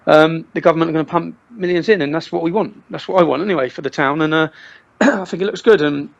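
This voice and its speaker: A man from the tells his side with lively, stumbling energy, circling back and repeating himself. His voice sits a little higher than most men's. The call audio is dull and lo-fi. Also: fast, vocal fry. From Luton, England. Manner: animated storyteller with many restarts and repeated words. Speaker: interview guest. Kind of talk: casual interview chat.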